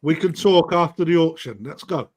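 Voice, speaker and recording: A middle-aged man with a British accent runs a live koi auction stream, calling bids and countdowns in a friendly, matey patter. His voice sits a touch higher than most men's. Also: moderate pace, a little mellow, husky. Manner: chatty, matey banter, calls bids and time.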